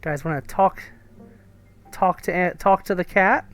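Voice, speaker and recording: A man's voice: sits high, measured pace, fairly bright tone, faint music behind. Chatty man streaming a story game. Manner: chatty and amused, reading choices aloud with fillers. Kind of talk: live gameplay commentary and reading.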